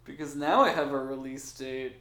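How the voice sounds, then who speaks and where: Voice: medium pitch, normal speed, a bit bright, echoey room. A podcast co-host chatting casually, chiming in with wry, teasing remarks. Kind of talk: casual movie recap chat.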